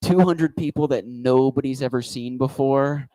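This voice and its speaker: A man's voice: mid-range voice, moderate pace, warm tone, dry recording, low-quality recording. A man doing a stand-up comedy set on a club stage, talking into a handheld mic with a wry, rambling delivery.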